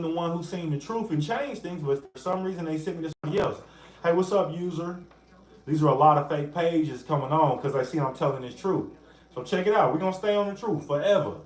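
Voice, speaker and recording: A man hosting a casual livestream. He talks in an animated way and breaks off to greet viewers by name. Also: on the high side, echoey room. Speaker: livestream host.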